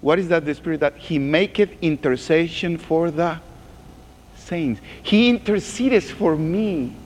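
A man preaching as a pastor, reading scripture slowly and dropping to a hushed groan in prayer. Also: a little high, in a large hall, slight background noise. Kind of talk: sermon.

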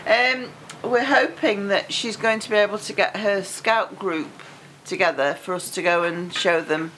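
A woman's voice: mid-range voice, steady tone, unhurried, a bit bright, slight background noise, rough recording. An older woman who knits, a guest on a radio chat, talking in an earnest, agreeable way. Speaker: guest, knitting group member. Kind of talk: casual radio interview.

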